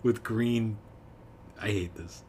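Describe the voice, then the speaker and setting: A man's voice: fairly low pitch, slow pace, warm tone, slight background noise. A man co-hosting a podcast in casual chat, giving blunt, dismissive opinions with frequent restarts. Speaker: podcast co-host.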